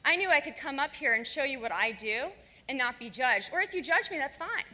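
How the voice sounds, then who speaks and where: A woman's voice: high voice, lively intonation, brisk, pushed and bright. A woman giving a frank, fiery and profane talk to a live audience in a conference hall. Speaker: conference speaker.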